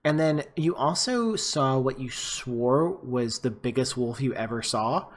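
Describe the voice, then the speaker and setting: A man's voice: mid-range voice, expressive, a little slow. A man running a tabletop game as game master, describing scenes in a casual, rambling way with many fillers.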